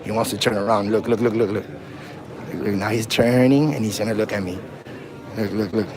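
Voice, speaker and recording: Filming outdoors on a handheld phone in a city, a first amendment auditor livestreams a street confrontation with police, taunting and provoking in slang. His voice is on the low side and fairly even, and he talks fairly quickly over crowd noise.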